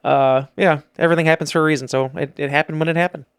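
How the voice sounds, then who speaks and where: A young man talks at a rapid clip in a casual podcast chat, rambling through stories full of quoted asides. His voice sits a bit high for a man and sounds smooth and clean. The close mic is dry, with no room sound. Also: steady tone, a bit bright, no echo. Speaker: podcast co-host.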